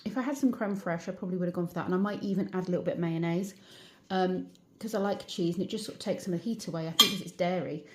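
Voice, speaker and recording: A British woman vlogs casually to camera at home and in her garden, tired and yawning as she rambles a bit with fillers. Her voice sits on the low side and races along, and the recording is very noisy.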